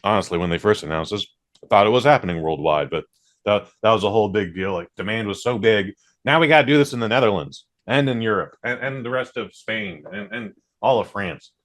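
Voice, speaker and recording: Lowish-voiced man ranting on a podcast. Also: fairly quick. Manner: ranting, profane. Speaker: podcast host. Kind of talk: casual chat.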